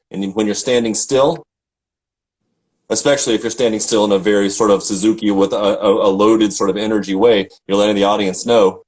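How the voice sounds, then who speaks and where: A man's voice: on the low side, a little mellow, breathy edge, rough recording. A middle-aged man from Tennessee, an opera singer chatting casually and telling stories with lots of fillers and restarts. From Tennessee, USA. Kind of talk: casual chat.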